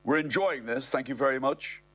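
Here a man impersonates a smug, prim, sniffy older father-in-law. The voice sits mid-range and a little bright, pitched above his own but close to everyday speech, delivered at a moderate pace.

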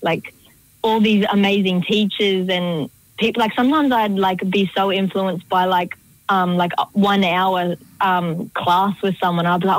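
A woman's voice: medium pitch, fairly even intonation, unhurried, no room sound, poor audio. A young woman, a choreographer chatting in a radio interview, rambling and full of "like" fillers. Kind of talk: casual interview chat.

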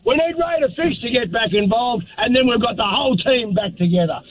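Effusive Australian male caller, high and husky, phone-line sound. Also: lively intonation, a little fast, no echo. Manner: upbeat and effusive. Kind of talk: casual phone-in chat.

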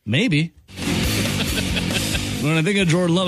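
A man's voice: fairly high pitch, slow pace, loud music behind the voice. A man hosting a call-in radio show, playful and joking, shifting his tone for effect. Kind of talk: casual call-in radio banter.

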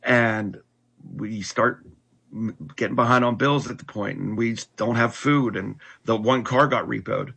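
A middle-aged man earnestly telling his life story in conversation, halting and restarting often. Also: medium pitch, fairly even intonation, vocal fry, a bit bright, husky. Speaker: guest telling his testimony.

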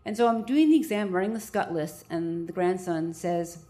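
Animated woman doctor telling a story. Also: on the low side, moderate pace. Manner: vivid, animated, self-mocking. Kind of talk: first-person storytelling to a live audience.

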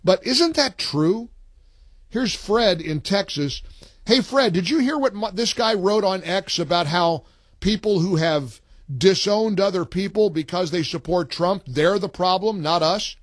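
A man's voice: high-pitched, animated, a little slow, dry recording, clean studio sound. A man hosting a talk radio show, speaking emphatically and taking calls. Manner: emphatic, reads listener posts aloud with punchy delivery.

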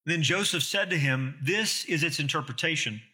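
A man's voice: fairly high pitch, expressive, moderate pace, sharp tone. A man preaching an expository sermon, earnest and emphatic, with rhetorical questions to the listeners.

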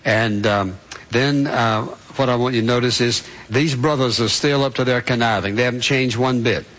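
A male preacher giving a sermon at an ordinary, mid-range pitch. He retells the scripture story in plain words and asks listeners to picture it as parents and as children. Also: normal speed, fairly bright tone, rough recording.

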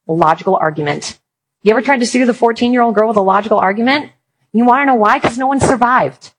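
A woman's voice: a little high, animated, a little fast, poor audio. A woman giving a Christian talk, mixing humorous stories with advice and acting out quotes. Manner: humorous storytelling with acted quotes. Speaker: Christian speaker on apologetics. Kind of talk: conference talk.

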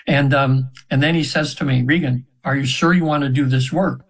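A man's voice: medium pitch, fairly even intonation, brisk, few pauses, rough recording. A man in his seventies, a radio show guest, telling a long personal story in a rambling way, with many restarts and fillers. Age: 70s. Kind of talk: casual storytelling interview.

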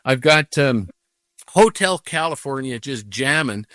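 An older man, a professional golfer as guest, telling a story casually in an animated way, acting out what he said to himself. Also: mid-range voice, measured pace, no echo, clean studio sound. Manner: animated storytelling with acted-out inner voices.

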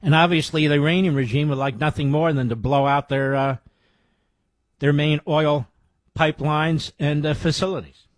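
A man's voice: fairly high pitch, steady tone, moderate pace, no room sound. A man hosting a talk radio show, giving blunt political commentary in short declarative statements.

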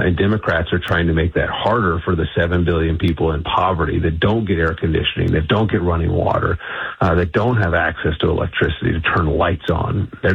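A man's voice: low voice, vocal fry, breathy edge, no room sound. A man being interviewed on radio as an energy institute CEO, talking emphatically and assertively with frequent restarts. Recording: dull lo-fi radio line.

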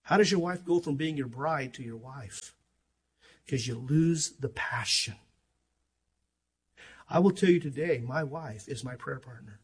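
An older man preaching a sermon as pastor, fervent and emphatic, swinging from loud to hushed. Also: medium pitch, a little slow, long pauses, breathy edge.

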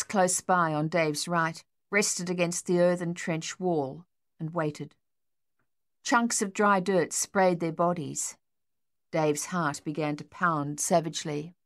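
A woman narrating an audiobook in a measured, even reading. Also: lowish voice. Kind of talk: scripted narration.

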